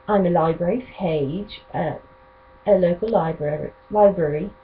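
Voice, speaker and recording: A woman's voice: lowish voice, a little hiss or hum. A young American woman in her twenties doing an amateur British accent, speaking carefully and self-consciously. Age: 20s. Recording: tinny phone-like lo-fi audio.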